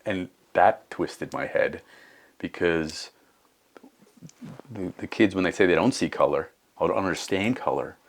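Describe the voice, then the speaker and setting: A man's voice: low-pitched, measured pace, gravelly, pauses often. A man in his fifties talking earnestly in a casual conversation, thinking aloud and restarting his sentences. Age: 50s.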